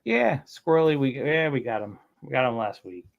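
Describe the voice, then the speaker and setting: A man's voice: medium pitch, big pitch swings, normal speed, vocal fry, muffled recording. A man hosting a casual livestream chat, telling rambling stories and laughing often. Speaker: streamer.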